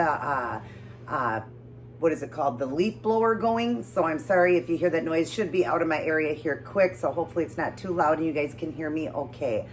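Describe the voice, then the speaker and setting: A woman with a Northern US accent chatting casually through a home eating show, rambling and often correcting herself. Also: fairly low pitch. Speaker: keto vlogger. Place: home with mowing outside.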